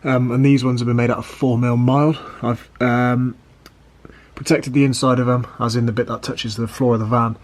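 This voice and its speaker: A man's voice: mid-range voice, level tone, normal speed. Sweary British man talking while working. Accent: British English. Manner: swears freely, dry self-mocking asides while working. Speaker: van conversion vlogger. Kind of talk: casual working commentary. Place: workshop, under and inside a van. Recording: noisy workshop recording with clicks.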